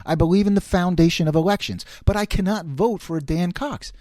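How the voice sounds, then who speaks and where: A middle-aged man hosting a podcast, delivering an opinionated political monologue in a sarcastic, animated way. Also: sits high, fairly quick, no echo, studio quality. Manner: animated, sarcastic, quotes others in put-on voices. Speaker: podcast host.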